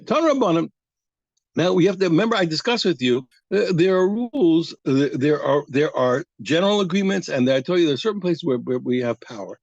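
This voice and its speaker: Guy teaching talmud class, high lively voice, acts out both sides, dull dry recording. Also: vocal fry, no room sound. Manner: animated, acts out both sides of the argument with halting restarts. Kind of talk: daf yomi Talmud class.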